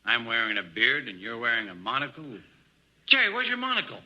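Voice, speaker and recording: A man's voice: mid-range voice, wildly swooping pitch, fairly quick, pushed and bright. Easygoing straight man on old radio. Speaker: comedy show host and straight man. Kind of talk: 1940s radio comedy. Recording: dull, hissy 1940s radio transcription.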